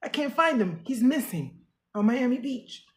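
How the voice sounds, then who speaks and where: A middle-aged woman giving herself an emotional pep talk in a personal vlog. She talks to herself earnestly and swings from loud declarations to hushed, quiet lines. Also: high voice, big pitch swings, moderate pace. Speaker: vlogger.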